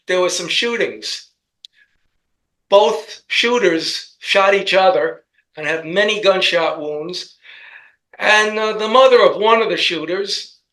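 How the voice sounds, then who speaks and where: A man co-hosting a casual commentary chat, talking in a rambling, halting way with many restarts. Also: sits high, fairly bright tone, rough recording. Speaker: co-host.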